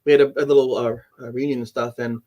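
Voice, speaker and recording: A middle-aged man telling a personal story as a podcast guest, animated and acting out dialogue, often restarting his sentences. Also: medium pitch, fast talker. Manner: animated storyteller who acts out quoted dialogue, with frequent restarts.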